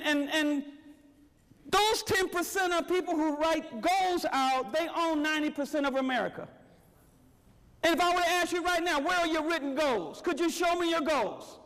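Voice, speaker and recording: A man's voice: extremely high pitch, a bit bright, big-room sound. A man giving a motivational workshop talk to a live audience, urging them on with repeated calls for energy. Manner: exhorting, repetitive, urging the crowd on. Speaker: motivational speaker. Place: large meeting room with audience at tables.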